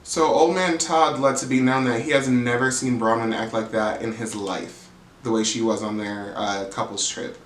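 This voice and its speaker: A man's voice: mid-range voice, steady tone, normal speed. Sassy, swearing man with a roomy echo. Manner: sassy, profane, chatty, calls people "girl". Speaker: reality TV recap host. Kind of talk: casual gossipy commentary.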